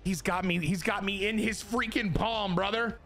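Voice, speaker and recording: Streamer guy, bright and somewhat high, excitable running commentary with cursing, faint music underneath. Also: moderate pace. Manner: excitable, swears, talks to chat. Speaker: gaming streamer. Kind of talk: casual gameplay commentary.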